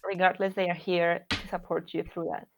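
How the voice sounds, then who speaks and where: A woman giving a live spiritual reading as a guest, speaking hesitantly with many pauses and fillers. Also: lowish voice, flat delivery, noisy background. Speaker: guest medium.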